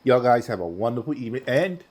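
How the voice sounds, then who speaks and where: A man's voice: mid-range voice, fast talker. Chatty man hosting a cooking vlog. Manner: relaxed, chatty, talks while eating. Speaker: cooking channel host.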